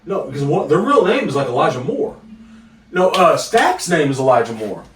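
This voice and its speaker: A man's voice: a little high, sing-song, moderate pace, a bit bright, slight background noise. A man co-hosting a casual movie review chat, rambling and repeating himself as he talks. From Korea. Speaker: co-host. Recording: echoey room, mic at a distance.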